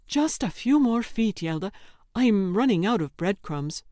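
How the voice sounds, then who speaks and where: A woman's voice: medium pitch, expressive, measured pace, warm tone, dry recording, clean studio sound, lightly acted. A woman narrator voicing a stubborn young boy who gives orders with more confidence than he feels. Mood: teasing. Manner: commanding, falsely confident. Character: stubborn, bossy teenage boy explorer. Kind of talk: audiobook character reading.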